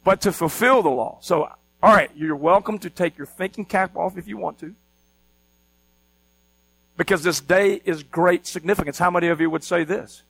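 Animated preaching man, higher voice. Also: normal speed, creaky, pauses often, low-quality recording. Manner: animated teaching, asks the congregation questions. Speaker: pastor. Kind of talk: sermon.

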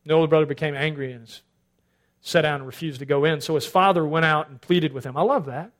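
Animated high-voiced preacher man. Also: fast talker. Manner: animated preaching, swings from loud emphatic to hushed asides. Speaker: pastor. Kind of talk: sermon.

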